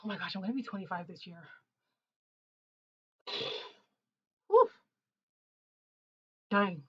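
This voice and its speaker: A woman's voice: medium pitch, takes it slowly, breathy edge. Twenties woman streamer, chatty and slangy, laughs a lot, dull lo-fi audio. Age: 20s. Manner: chatty, animated, laughs often, loose slangy talk. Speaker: livestream host. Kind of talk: casual livestream chat reading viewer comments. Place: Ontario, Canada.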